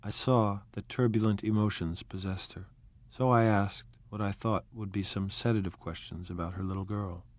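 A man narrating an audiobook in a measured, soft-spoken, reflective way. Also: on the low side, fairly even intonation, no echo. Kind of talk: scripted narration.

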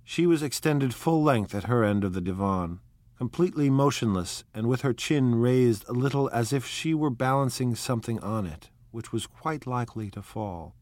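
A man reading a novel aloud in a measured, quietly expressive narration. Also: mid-range voice, no echo. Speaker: audiobook narrator.

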